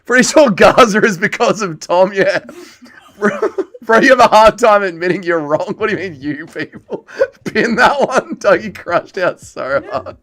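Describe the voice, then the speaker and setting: A man hosting a livestream, reading viewer comments aloud and answering them in a casual chat that swings between loud swearing rants and low grumbling. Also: expressive, normal speed. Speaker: livestream host.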